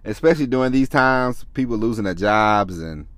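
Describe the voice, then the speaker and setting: Rambling low-voiced man hosting a podcast. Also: lively intonation, normal speed, fairly bright tone, no room sound. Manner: rambling, frequent restarts and swearing. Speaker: podcast host. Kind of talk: casual solo podcast talk.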